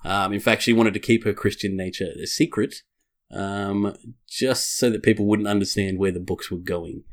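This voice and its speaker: A podcast host with a fairly low voice reads prepared notes for a segment in a casual, wry style at a moderate pace and fairly even intonation. He pauses for dry jokes and lets the occasional swear word slip.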